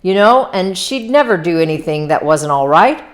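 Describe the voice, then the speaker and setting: A wealthy young man speaks in a polite, reassuring way while dodging the point, as a woman reading aloud puts him on. The voice sits low, close to a plain read-aloud. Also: animated, moderate pace, lightly acted. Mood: smooth. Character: young rich man, smooth and evasive.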